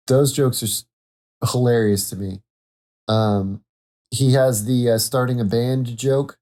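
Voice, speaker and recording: Rambling male podcast host, mellow voice. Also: on the low side. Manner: rambling, self-correcting, laughs at own jokes. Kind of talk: casual solo podcast monologue.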